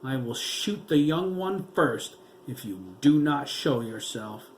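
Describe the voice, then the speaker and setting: A man's voice: medium pitch, unhurried, a little mellow, slight background noise, lightly acted. A man playing a cold, menacing officer. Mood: commanding. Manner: threatening, clipped.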